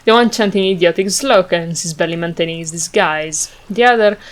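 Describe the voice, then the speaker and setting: Guarded woman informant in a game, voiced by a woman; low-pitched, measured, careful delivery. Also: close to an everyday voice, low-quality recording. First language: Italian. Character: composed, guarded middle-aged woman informant.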